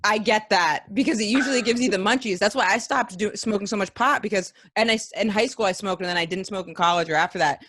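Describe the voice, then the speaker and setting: Fast-talking woman host, dry sound. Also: medium pitch, a bit bright, no echo. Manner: chatty, swears freely, acts out quick quotes. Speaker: podcast host. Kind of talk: casual interview chat.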